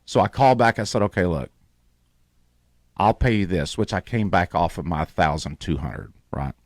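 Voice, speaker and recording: Male radio host, lively storyteller, dry close mic. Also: deep voice, normal speed, dry recording. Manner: animated storyteller, acts out quoted voices.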